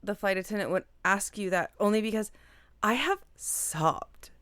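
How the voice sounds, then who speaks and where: A young woman co-hosting a casual podcast chat, rambling with lots of "like" and quick agreement. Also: medium pitch, animated, a bit bright, clean tone, no echo, clean studio sound. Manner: rambling, fills talk with "like" and frequent "yes" agreement. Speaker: podcast co-host.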